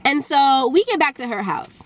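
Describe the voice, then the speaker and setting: A woman from Alabama telling a personal story on her vlog, animated and full of filler words. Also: sits high, moderate pace. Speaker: vlogger.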